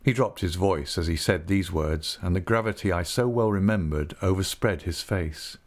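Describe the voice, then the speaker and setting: Deep-voiced male audiobook narrator. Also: moderate pace. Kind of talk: scripted first-person narration.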